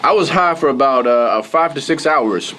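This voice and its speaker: A man in a radio studio, chatting and explaining between bites of spicy wings. His voice is mid-pitched and easygoing. There is clearly audible background noise on the recording. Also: lively intonation, moderate pace, bright, forceful tone, rough recording. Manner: joking, explanatory. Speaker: radio host. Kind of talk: casual radio chat during hot wing challenge.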